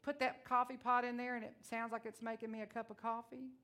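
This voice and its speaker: A woman from Texas with a Texan accent, preaching a sermon in a loud, blunt, emotional and folksy way. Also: on the high side, flat delivery, fairly quick. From Texas, USA.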